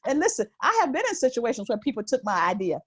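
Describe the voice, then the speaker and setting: A high-pitched woman talks in an animated, emphatic way as a guest in an interview. She projects her voice firmly and acts out quoted remarks. She laughs easily between points. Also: fast talker, breathy edge. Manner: projects voice with authority. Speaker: guest author. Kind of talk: interview conversation.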